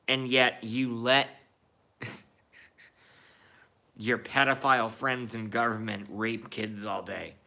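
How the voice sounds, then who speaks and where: A man's voice: mid-range voice, little pitch movement, slow, vocal fry, pauses often, bright, forceful tone. A man in his thirties ranting in a profane, repetitive and indignant monologue. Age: 30s. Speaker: vlogger.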